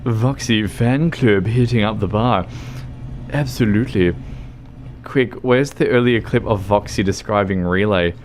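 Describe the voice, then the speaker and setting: A man's voice: mid-range voice, a little slow, a little hiss or hum. A tipsy man with an Australian accent chatting and giggling with viewers on a gaming livestream. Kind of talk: casual gaming livestream chat.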